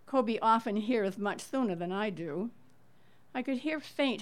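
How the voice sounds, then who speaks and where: Here a middle-aged woman at medium pitch shares a true story from her life, reading it earnestly and at a measured pace while emphasizing its tense moments.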